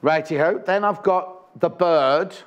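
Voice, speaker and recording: A man hosts a live home shopping broadcast from a TV studio, selling fabric in a chatty, teasing way. His voice sits a little high for a man, and he keeps up a running patter of prices and jokes. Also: takes it slowly, clear, resonant tone, lo-fi sound. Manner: chatty, jokey, teasing asides. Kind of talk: live TV sales chat.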